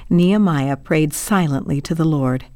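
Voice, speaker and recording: A woman narrating a children's Bible storybook in a cheerful, expressive way, speaking to young listeners. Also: low voice, moderate pace, no room sound, clean studio sound.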